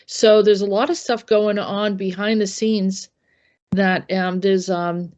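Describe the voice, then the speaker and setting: A woman's voice: medium pitch, steady tone, slow pace, a little mellow. A woman hosting a discussion, talking in a casual, conversational, hesitant way. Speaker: host.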